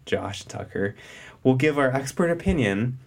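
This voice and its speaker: A young man co-hosting a relaxed chat, playful in tone. He sets up riddles and reads out items for discussion. His voice has an ordinary middle pitch. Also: moderate pace, creaky. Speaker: co-host. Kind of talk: casual chat.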